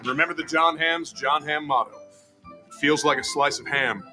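An actor playing a smug, deadpan TV spokesman in a spoof ad, speaking with a smooth, confident pitch. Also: normal speed. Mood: deadpan salesy. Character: smug male ham-selling TV pitchman, deadpan. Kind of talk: comedy sketch ad read. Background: music under the ad.

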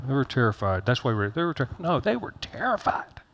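A man's voice: mid-range voice, big pitch swings, quick pace, a bit bright, a little hiss or hum. A middle-aged man pastor giving a conversational sermon, folksy and joking, repeating phrases for emphasis.

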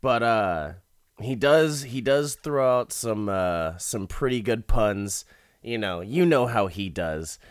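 A man talks his way slowly through a movie plot, cracking himself up and swearing loosely as he goes. His voice sits at an ordinary middle pitch and sounds dry and close to the mic. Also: expressive, clear, resonant tone, no echo. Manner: laughs often, swears freely, rambling. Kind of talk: casual movie recap.

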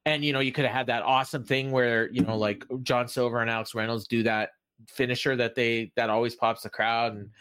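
A man's voice: mid-range voice, little pitch movement, a little fast, fairly bright tone, smooth. A man co-hosting a podcast, recapping wrestling in a casual chat and raising his voice to act out the quoted lines. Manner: recaps at length, acting out quoted lines in a raised voice. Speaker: podcast co-host.

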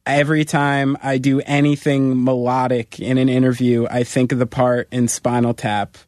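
A man's voice: mid-range voice, little pitch movement, normal speed, darkish tone, dry recording, studio quality. Give me a jokey male podcast host. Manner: jokey, laughs easily. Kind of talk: casual interview chat.

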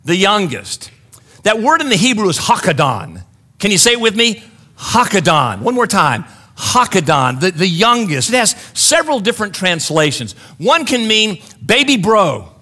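A male preacher with a high, bright voice that swings widely in pitch as he tells the story. He talks in an animated way and turns often to the congregation with playful asides. His delivery has the lively give-and-take of a sermon. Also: normal speed.

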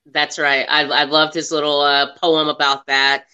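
A woman talks casually about a film she just watched. Her voice is bright and sharp. She retells scenes with animation and slips into quoting the characters. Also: deep voice, level tone, measured pace, clean tone. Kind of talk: casual movie review chat.

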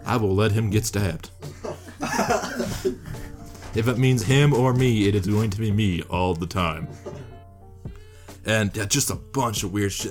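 A man's voice: lowish voice, a little slow, pauses often, a little mellow, soft background music. A young man, a rapper guesting on a podcast, telling a story in casual, profane speech and acting out other people's lines.

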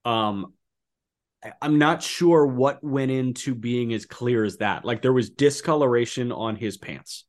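Man, podcast co-host, casual sports chat, incredulous outbursts, mid-pitched voice. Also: measured pace. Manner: animated, incredulous outbursts, many fillers. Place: apartment.

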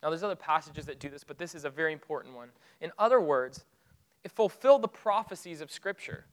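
Animated high-voiced male preacher. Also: fast talker, rough recording. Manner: animated, swings from loud excitement to hushed solemn tones. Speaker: pastor. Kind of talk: sermon storytelling.

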